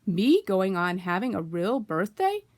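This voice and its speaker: A woman's voice: medium pitch, big pitch swings, darkish tone, dry recording. Eeyore, a woman doing a gloomy old donkey. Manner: slow, drawn-out and glum. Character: gloomy old male donkey, slow and mournful.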